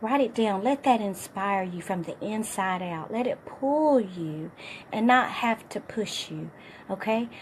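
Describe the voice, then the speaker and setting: A middle-aged woman fitness coach with a hoarse, partly lost voice, giving an upbeat, encouraging motivational talk to her viewers. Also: medium pitch, expressive, a little slow, slight background noise.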